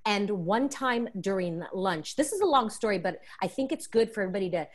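A woman's voice: mid-range voice, brisk. A woman interview guest telling a frank, emotional personal story, acting out the voices of the people in it. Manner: emotional, expressive, acts out quoted voices; frank, confessional.

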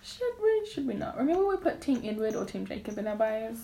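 A woman's voice: a little high, big pitch swings, a little fast, gravelly, dark tone, reverberant, slight background noise. A woman co-hosting a podcast with friends, playful and jokey as she reads out credits. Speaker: podcast co-host. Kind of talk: casual group chat.

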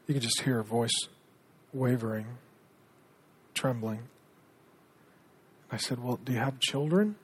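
A middle-aged man preaching a sermon as pastor, earnest, dropping to a hushed tone when telling stories. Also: mid-range voice, unhurried, long pauses, slightly rough.

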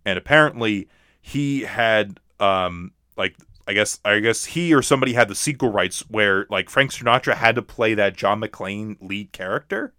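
A man's voice: lowish voice, normal speed, bright, forceful tone, no echo, studio quality. A man co-hosting a casual movie talk, rambling with many restarts and fillers. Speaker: podcast co-host.

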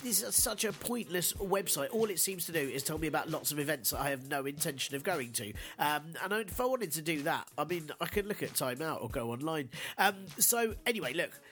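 A man's voice: on the high side, brisk, few pauses, slight background noise. A man hosting a podcast, stuffed up and nasal from a cold, delivering sardonic news jokes and casual chat. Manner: sardonic, deadpan jokes with fillers. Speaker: podcast host.

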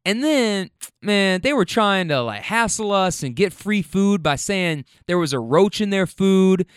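Animated, profane man telling server stories. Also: high voice, a little slow, smooth, dry recording, clean studio sound. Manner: animated, blunt and profane, laughing at own stories. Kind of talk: casual storytelling. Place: inside a car on a ride home.

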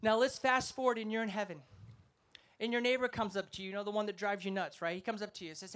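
A man's voice: high-pitched, quick pace, fairly bright tone. A man preaching an emphatic sermon, telling stories and rousing his listeners. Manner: emphatic, rousing, storytelling delivery. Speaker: evangelist preacher. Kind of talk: festival sermon.

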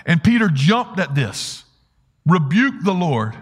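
A man's voice: a little high, big pitch swings, slow, slightly rough. A man preaching a sermon, earnestly retelling a story and asking rhetorical questions. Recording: long hall reverb.

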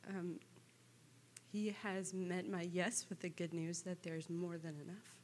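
Tearful woman giving soft testimony. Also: on the low side, flat delivery, a little hiss or hum. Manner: halting, soft, with many pauses and fillers. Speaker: church member giving testimony. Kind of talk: personal testimony.

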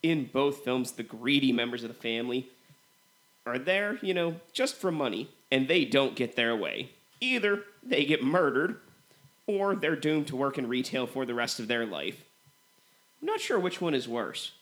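A man's voice: mid-range voice, normal speed. Male podcast co-host, mid voice, casual and chatty, heavy on fillers. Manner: relaxed, filler-heavy comparisons with "you know". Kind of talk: casual movie review chat.

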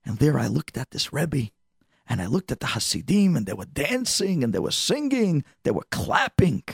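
A man voicing a frail, devout elderly immigrant, telling his story with deep emotion. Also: sing-song, normal speed, gravelly, slightly rough, dry recording, clean studio sound, full character voice. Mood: earnest.

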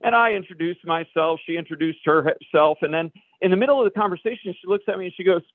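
A pastor telling a personal story in a sermon, a lively storyteller who acts out the dialogue. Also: male voice, high-pitched, fast, no room sound. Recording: dry, phone-like radio broadcast.

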